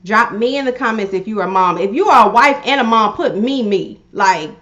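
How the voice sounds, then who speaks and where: Woman hosting a livestream, animated coaching talk, repeating herself, fairly high voice, slightly dull audio. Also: a little fast. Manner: animated, repeats phrases, calls on viewers directly. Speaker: livestream host and life coach. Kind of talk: casual livestream talk to viewers. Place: home room she calls her pink cave. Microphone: livestream setup.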